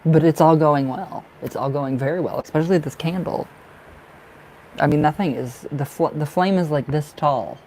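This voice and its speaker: A man's voice: on the high side, normal speed, a little mellow, a little hiss or hum, rough recording. A young man chatting loosely through a live tarot reading, rambling and laughing often. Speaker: tarot reader.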